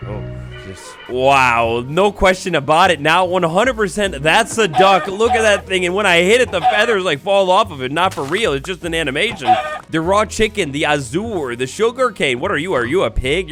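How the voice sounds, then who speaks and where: Excitable young man gushing over gameplay. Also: fairly high pitch. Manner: excitable, gushing, swings between hushed awe and loud exclamations. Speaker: gaming YouTuber. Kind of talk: excited blind-reaction gameplay commentary.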